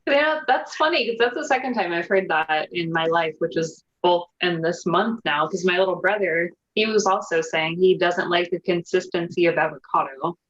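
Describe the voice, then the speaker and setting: A woman guest in casual chat, animated and quick with crude jokes. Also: on the low side. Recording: dull lo-fi call audio.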